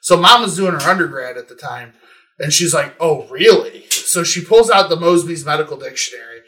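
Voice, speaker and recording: A man telling a story in a relaxed group chat, animated and swearing casually. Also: a little high, fairly quick.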